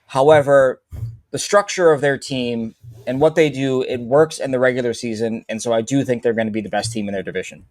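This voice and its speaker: A man who works in sports radio, talking hockey in a lively, fast, casual way. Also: mid-range voice, no echo, studio quality. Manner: animated, fast storytelling with repeats.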